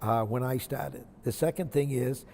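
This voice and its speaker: Older coach telling stories in a hall. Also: male voice, medium pitch, normal speed, creaky, a little mellow, a little hiss or hum. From Maine, USA. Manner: anecdotal, folksy, reflective. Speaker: retired basketball coach. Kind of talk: interview storytelling.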